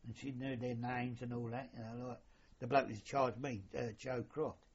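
Older man, husky, plain middle pitch, rambling chatty storyteller, dull lo-fi recording. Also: level tone, moderate pace. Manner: rambling, colloquial, mild swearing. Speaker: interviewee, former royal yacht sailor. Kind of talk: casual reminiscing.

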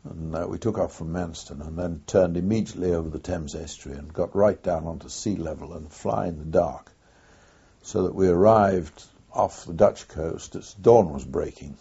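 An older man who flew as a wartime pilot recounts his memories in an oral history interview, speaking at an unhurried, reflective pace with frequent pauses. His voice is low-pitched, dark and husky, captured in a dull lo-fi recording.

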